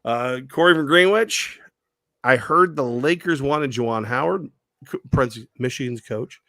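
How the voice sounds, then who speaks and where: A man's voice: mid-range voice, normal speed, no room sound, studio quality. A man co-hosting a sports talk show, telling stories animatedly and acting out what people said. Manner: animated storyteller who acts out quoted voices.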